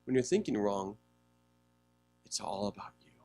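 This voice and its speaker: A man preaching a sermon as pastor, swinging from loud mocking quotes to low hushed asides. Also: expressive, moderate pace.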